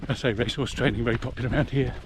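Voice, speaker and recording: A man's voice: mid-range voice, fairly even intonation, rapid-fire. A middle-aged man giving a chatty, explanatory commentary while running a muddy rural trail. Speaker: vlogger. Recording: noisy outdoor recording.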